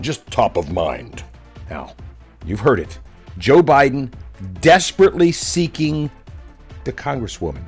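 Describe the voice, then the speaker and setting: A man hosts a commentary segment, voice pitched in the middle range. He mocks and emphasizes with heavy sarcasm. Faint music sits under his voice. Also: husky. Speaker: commentary show host. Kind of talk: mocking political commentary.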